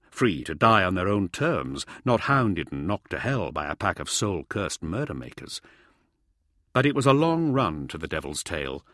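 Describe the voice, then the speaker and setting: Deep-voiced male audiobook narrator. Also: a bit bright, no echo, studio quality. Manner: vivid, dramatic storytelling.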